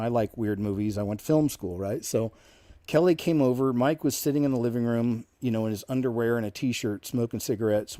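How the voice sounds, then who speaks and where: A man's voice: mid-range voice, warm tone, no room sound. A man in his fifties, a channel host, telling a personal story casually and rambling into asides. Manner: rambling, with many asides and restarts.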